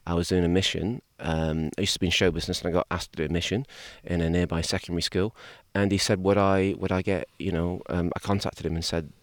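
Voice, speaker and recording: Jokey priest, low voice. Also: male voice, dry recording, studio quality. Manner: jokey, animated, quick to do voices. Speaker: priest, podcast guest. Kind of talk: casual interview chat. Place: outdoors by a lake at a camp.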